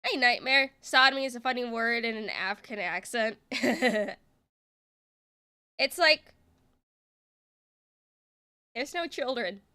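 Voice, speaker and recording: Bright-voiced exasperated woman streamer. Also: fairly high pitch, unhurried, pauses often, clean tone. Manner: exasperated, sarcastic, swears freely. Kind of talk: reaction commentary.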